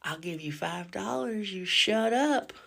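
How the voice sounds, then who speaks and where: A woman's voice: mid-range voice, expressive, a little slow, creaky, a bit bright, exaggerated voice. A woman voicing a feisty old grandmother patient who is blunt and makes teasing threats. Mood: sly bossy.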